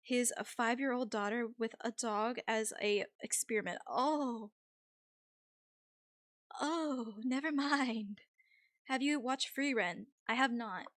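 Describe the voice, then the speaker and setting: A young woman streamer with an American accent that has a faint Vietnamese tinge, chatting casually with viewers, easygoing and quick to laugh. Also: a little high, fairly bright tone, no echo, studio quality. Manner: easygoing, chatty, laughs often, many ums. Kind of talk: casual chat reading viewer messages.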